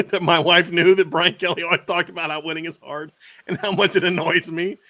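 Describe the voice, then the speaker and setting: Middle-aged guy hosting a football talk show, laughs a lot, bright dry voice. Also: on the high side, a little fast, dry recording. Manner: storytelling, laughs often. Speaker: show owner and co-host. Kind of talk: casual post-game sports talk.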